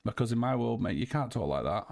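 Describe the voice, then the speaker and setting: A man's voice: mid-range voice, big pitch swings, fast talker, gravelly, a little mellow. A man hosting a call, talking in a heated, emphatic way, swearing and repeating himself. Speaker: host. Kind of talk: heated casual call chat.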